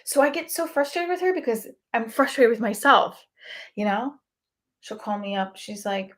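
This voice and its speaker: A woman's voice: on the high side, expressive, normal speed. A woman comedian in a candid, rambling confessional monologue who swears freely.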